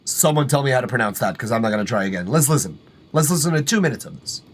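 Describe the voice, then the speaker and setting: A man from Canada hosting a live stream, his voice sitting at an ordinary middle pitch. He rambles loosely from one thought to the next, peppering his talk with swears and fillers. He sounds amused by his own asides. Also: expressive, very fast. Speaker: livestream music review host. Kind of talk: casual livestream chat.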